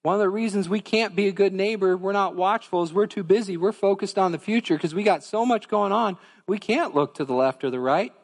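Man, pastor, sermon, earnest, conversational, fairly high voice, long church hall reverb. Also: a little fast, few pauses. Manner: earnest, conversational, direct to congregation. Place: church sanctuary.

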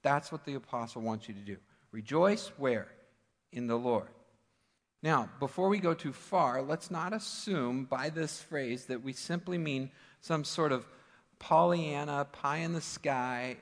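Emphatic pastor preaching in reverb. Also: male voice, medium pitch. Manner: conversational, emphatic preaching with asides. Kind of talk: sermon. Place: church sanctuary. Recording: church sanctuary with long reverb.

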